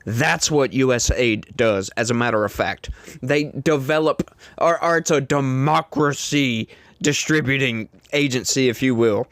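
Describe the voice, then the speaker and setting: A man in a medium-pitched voice hosts a casual political commentary show. He talks straight to his viewers in an emphatic, indignant way. His voice sounds dry and close to the mic, with no room echo. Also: a little slow.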